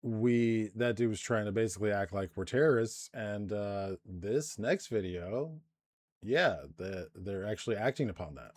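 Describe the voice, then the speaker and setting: A man's voice: fairly low pitch, expressive, normal speed, a little mellow, no room sound, clean studio sound. A man hosting a live stream, ranting in profane commentary with lots of restarts and filler. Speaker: streamer host.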